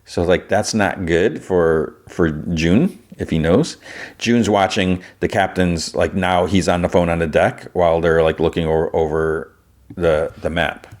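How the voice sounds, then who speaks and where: A man's voice: deep voice, unhurried, a little mellow. Rambling man recapping a show. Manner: rambling, filler-heavy storytelling that acts out the characters. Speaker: podcast host. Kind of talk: casual episode recap.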